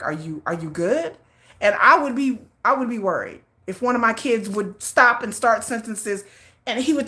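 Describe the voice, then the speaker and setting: A middle-aged woman hosts a casual livestream, rambling along and repeating and restarting her sentences. Her bright, forceful voice sits slightly high, and she stays animated throughout.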